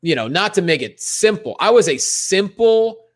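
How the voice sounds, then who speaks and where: A man's voice: high voice, big pitch swings, normal speed. A young man from Pennsylvania, a comedian telling a self-mocking story in a casual podcast chat.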